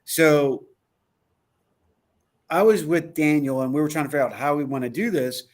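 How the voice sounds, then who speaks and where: Male co-host, rather high voice, lively storyteller who acts out quotes. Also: normal speed. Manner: animated storyteller, acts out quotes, laughs often. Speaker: podcast co-host. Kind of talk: casual chat recounting a trip.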